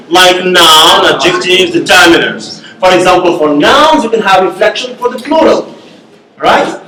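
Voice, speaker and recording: This university linguistics lecturer has a high, pushed, bright voice, and slight background noise runs under the echoey classroom sound. He breaks his explanation into steps and keeps asking the class "okay?" and "right?"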